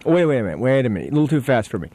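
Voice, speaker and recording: A man's voice: medium pitch, big pitch swings, racing, mellow, no echo. A man hosting a radio interview, joking and teasing his guest, sometimes talking while eating. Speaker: radio host. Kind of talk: casual radio interview chat.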